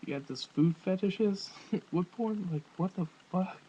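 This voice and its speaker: A man's voice: high voice, a little slow, mellow, breathy edge. A man giving a crude, rambling comedic rant into his webcam, often laughing. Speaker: vlogger. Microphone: webcam microphone. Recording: dull webcam audio with faint hiss.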